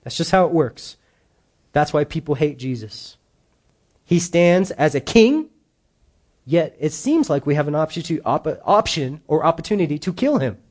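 A male pastor preaching a sermon in an animated way, acting out the quoted voices. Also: fairly high pitch.

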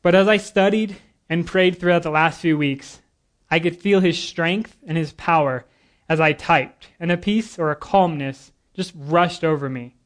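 A man's voice: on the high side, a little slow. A man preaching a sermon to a congregation, earnest and a little nervous, with casual asides and jokes between the scripture readings. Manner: earnest, nervous but lively, with asides and humor. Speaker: guest preacher.

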